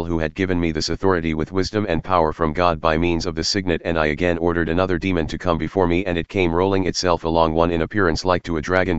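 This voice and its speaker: Deep, fast-reading male narrator. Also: clear, resonant tone, no echo, dull audio. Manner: archaic, solemn, steady delivery. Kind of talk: scripted reading of an ancient text.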